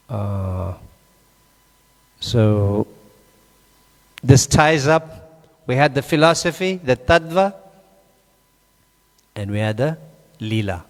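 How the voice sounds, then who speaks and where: A man's voice: fairly low pitch, vocal fry. A man giving a scripture class, telling a story with animation and quizzing his listeners. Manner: animated, questions the audience. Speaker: class speaker. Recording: long hall reverb.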